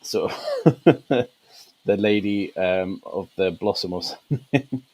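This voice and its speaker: A man co-hosts a gaming podcast, laughing often and giving long, wandering explanations full of fillers. His voice is fairly low and a little mellow, his pace slow, and the audio quality poor.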